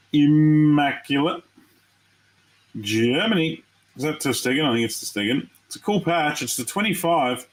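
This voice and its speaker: Aussie guy opening cards on a live stream, chatty and excited, middle pitch. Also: poor audio. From Australia. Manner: chatty, excitable, talks to viewers. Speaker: card break host. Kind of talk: casual live-stream commentary.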